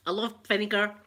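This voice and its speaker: Speaking in a mid-range, slightly bright voice, a middle-aged woman from Scotland with a Glaswegian accent hosts an ASMR livestream. She chats casually with her viewers, laughing often and going back over her phrases.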